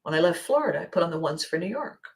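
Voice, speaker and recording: A woman from Canada hosting a solo motivational podcast, talking in an animated, playful way and laughing often. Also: on the low side, racing. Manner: animated and playful, laughs often, acts out little quoted exchanges. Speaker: podcast host.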